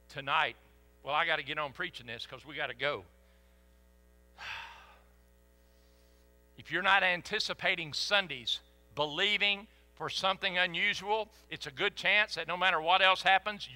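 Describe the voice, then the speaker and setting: Older preacher man, loud whoops, sharp tense tone, big echoey church. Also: on the high side. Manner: animated, folksy, with sudden whoops. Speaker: pastor. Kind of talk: sermon. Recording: echoey hall.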